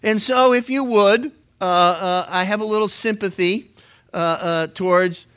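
A man's voice: high voice, unhurried, a bit bright, clean tone. A middle-aged male pastor teaching through a Bible book verse by verse, in a joking, conversational way with many stammered restarts.

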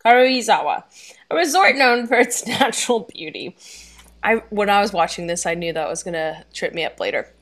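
A woman's voice: medium pitch, lively intonation, a little fast, fairly bright tone. Brief: woman co-host, casual recap chatter, frequent laughs, video-call sound. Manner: reads a summary, laughs often, stumbles on words. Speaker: podcast co-host recapping an anime.

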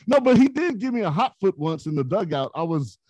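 Man, podcast guest, casual storytelling, slightly high voice, very lively pitch. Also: brisk, no room sound. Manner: animated, laughing storyteller.

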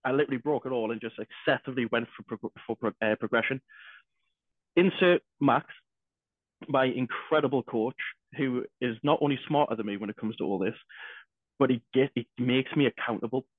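A man's voice: medium pitch, a little fast, dry recording. A man co-hosting a podcast, talking casually and energetically, swearing often. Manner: heavy swearing, energetic, restarts. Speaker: podcast co-host. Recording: dry tinny phone-like sound.

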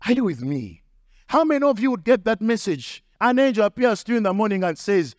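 High-voiced preaching pastor, dry sound. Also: male voice, sing-song, brisk, a little mellow, no echo. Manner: emphatic preaching with repetition and acted quotes. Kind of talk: sermon.

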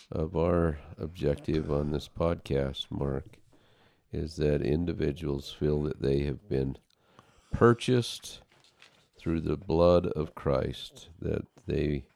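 A man hosting a podcast interview, speaking in a reverent, measured way. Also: very deep voice, vocal fry, dark tone, no room sound, studio quality. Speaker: podcast host.

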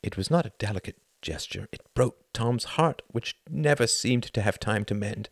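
A man reading a novel aloud as narrator, in a measured, dramatic storytelling manner. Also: mid-range voice, expressive, vocal fry, breathy edge, no echo, clean studio sound. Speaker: audiobook narrator. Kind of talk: scripted narration.

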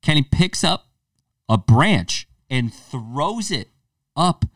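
A man's voice: on the high side, slow pace, dry recording, studio quality, recorded from a distance. A young man co-hosting a podcast, telling stories in a casual chat, swearing freely and acting out what people said. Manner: animated storyteller, swears freely, acts out quotes. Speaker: podcast co-host.

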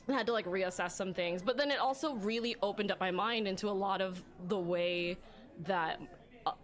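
A woman's voice: mid-range voice, fairly bright tone. A woman hosting a casual podcast chat, candid and talkative, laughing often and swearing now and then. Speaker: podcast host.

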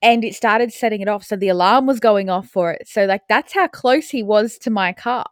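A woman's voice: medium pitch, moderate pace, no room sound, clean studio sound. A young woman co-hosting a podcast, telling stories in casual chat, laughing and swearing freely. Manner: animated storyteller, swears freely, laughs often. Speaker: podcast co-host.

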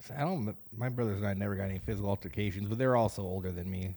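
A man's voice: fairly low pitch, very fast, dark tone, slightly rough. A man co-hosting a casual podcast, teasing his co-host and laughing often. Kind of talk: casual chat.

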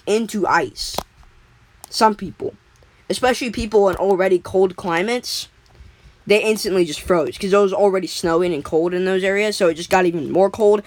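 A woman's voice: mid-range voice, a little mellow, rough recording. A woman casually making up a story as she goes, rambling with lots of fillers and restarts.

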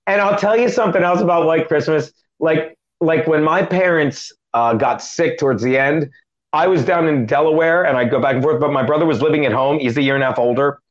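A middle-aged male comedian telling a long story in an interview, with animated, quick joking delivery and acted-out quotes. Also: a little high. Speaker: comedian guest. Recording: dull lo-fi sound.

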